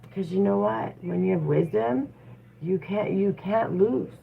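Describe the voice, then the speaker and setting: A woman's voice: medium pitch, a little slow, creaky. A woman giving a casual livestream tarot reading, chatty and encouraging, with frequent fillers. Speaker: tarot reader. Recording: tinny phone-like audio with faint noise.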